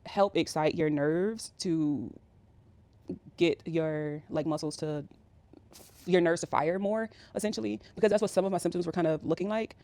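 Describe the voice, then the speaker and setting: A woman's voice: on the low side, normal speed, dark tone. A woman in her thirties telling a personal story in a casual, rambling way, with many fillers. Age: 30s. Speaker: vlogger.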